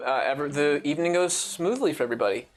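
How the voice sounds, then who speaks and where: A man's voice: on the high side, fast. Casual rambling male dungeon master. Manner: casual, rambling, lots of fillers. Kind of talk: narrating a tabletop game.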